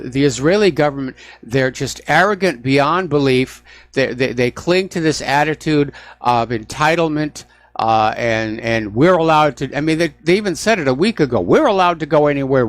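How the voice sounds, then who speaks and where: A man's voice: medium pitch, no room sound. A man hosting a political call-in radio show, talking through the news with sarcastic asides. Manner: sarcastic, mocking blustery officials. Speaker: radio talk show host. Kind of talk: political talk radio monologue. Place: radio studio.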